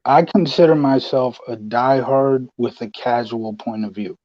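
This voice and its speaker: A man's voice: mid-range voice, unhurried, no echo. A man around thirty co-hosting a casual wrestling chat, talking as an enthusiastic fan. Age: 30s. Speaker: podcast co-host. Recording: dull, dry lo-fi mic.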